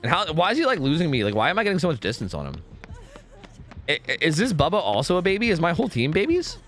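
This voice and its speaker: A young man streaming a game, talking casually and swearing as he thinks out loud. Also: on the high side, fast talker. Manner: animated, profane, thinks out loud. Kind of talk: casual live-stream gameplay commentary.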